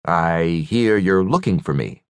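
A calm, unflappable fighter, as a man voices him in an audiobook. He speaks coolly and evenly, never rattled, in a low voice. The recording is dry and close. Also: a little slow, smooth, no echo. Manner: cool and unbothered.

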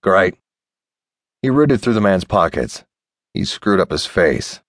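A man reads an audiobook from a script, his low voice measured and expressive. The recording is dry and studio quality.

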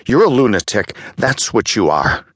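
A man's voice: low voice, big pitch swings, takes it slowly, dry recording, studio quality, heavily acted. A man doing a shaken, angry doctor. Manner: sharp, angry outbursts.

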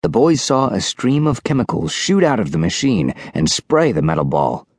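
A man narrating a children's audiobook in an animated storytelling manner. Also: medium pitch, normal speed, no room sound, studio quality. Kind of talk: scripted narration.

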